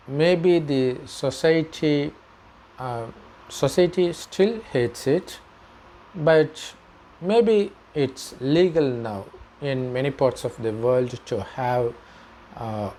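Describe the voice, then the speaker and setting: Slow, measured male spiritual teacher. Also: medium pitch, warm tone, a little hiss or hum. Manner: slow, measured explaining with pauses. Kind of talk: spiritual talk to camera.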